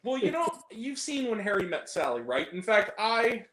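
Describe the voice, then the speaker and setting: A man's voice: sits high, big pitch swings, moderate pace, a bit bright. A man hosting a casual chat, joking crudely and laughing often. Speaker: podcast host. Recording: roomy echo.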